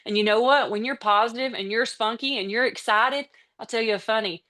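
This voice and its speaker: Excitable, chatty woman trainer. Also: a little high, fairly quick. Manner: excitable and energetic, gets out of breath from excitement; chatty, with casual slips and restarts. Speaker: team trainer on a business call. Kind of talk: motivational training talk.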